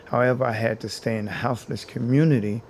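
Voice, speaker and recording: A man's voice: mid-range voice, steady tone, quick pace, a little mellow, a little hiss or hum. A man being interviewed as a housing activist, telling his story in an earnest way and building his points by repeating phrases.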